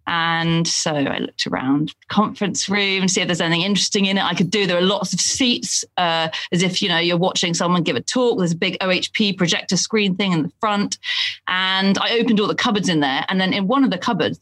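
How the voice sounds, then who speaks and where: A woman's voice: lowish voice, brisk. A woman telling a self-deprecating anecdote in casual chat. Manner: animated storyteller, self-deprecating. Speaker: guest telling a story.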